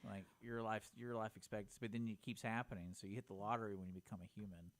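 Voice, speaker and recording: A man co-hosts a radio talk show, teasing and joking in loose casual chat. His voice is fairly low, and his talk is full of fillers. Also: fairly even intonation, quick pace.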